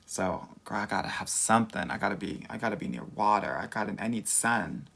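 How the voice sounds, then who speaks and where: A man's voice: on the low side, animated, brisk, fairly bright tone. A man from Southern California with a Valley accent, a dating coach doing a casual livestream Q&A, sassy and campy, calling everyone "girl.". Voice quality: creaky.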